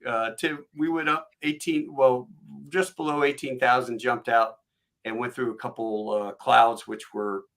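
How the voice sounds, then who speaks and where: A middle-aged man hosting a podcast, telling stories in a casual, animated way and acting out the voices of the people in them. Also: mid-range voice, unhurried. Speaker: podcast host. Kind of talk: casual storytelling chat.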